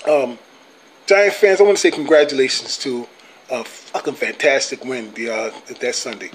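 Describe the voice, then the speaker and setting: A man's voice: mid-range voice, moderate pace. A man ranting at rival sports fans on his channel, profane and taunting, repeating himself with short tags like "bro" and "okay". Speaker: sports vlogger, Cowboys fan. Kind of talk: heated fan rant to camera.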